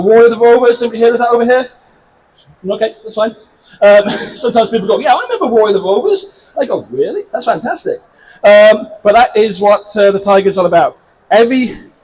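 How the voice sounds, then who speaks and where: A man's voice: high-pitched, darkish tone, slight background noise, rough recording. An English man in his fifties, a comic book creator giving a chatty, self-deprecating convention panel talk to a small audience. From England.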